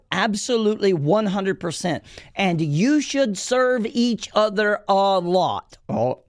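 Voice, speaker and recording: A man preaching as a podcast host and pastor, emphatic and folksy, repeating his key lines slowly so they sink in. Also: high voice, expressive, no echo, studio quality. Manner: folksy, addresses listeners as y'all. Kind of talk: preaching-style podcast talk.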